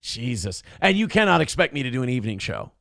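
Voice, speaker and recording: A man's voice: medium pitch, sing-song, quick pace, gravelly, a bit bright, no echo, clean studio sound. A man co-hosting a casual morning show, cracking jokes and reading viewer donations aloud. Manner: wisecracking, reads chat messages aloud.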